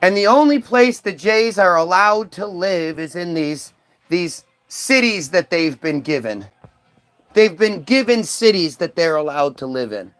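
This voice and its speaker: A male commentator rants through a casual reaction video, his voice sitting high for a man. His tone is sarcastic and scornful as he talks over what he is watching. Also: animated, a little slow, fairly bright tone. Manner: ranting, sarcastic.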